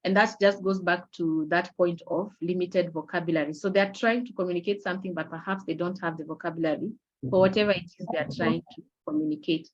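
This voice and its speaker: Low-voiced woman giving a webinar talk. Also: fairly even intonation, lo-fi sound. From Kenya. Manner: measured, explanatory, with frequent fillers and restarts. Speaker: webinar presenter. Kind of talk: online awareness lecture. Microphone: video call.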